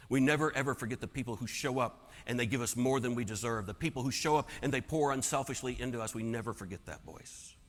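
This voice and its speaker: A man telling a personal story as a keynote speaker, dramatic and swinging from hushed to loud. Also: mid-range voice, fast talker, hardly any pauses. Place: large conference hall. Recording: long hall reverb.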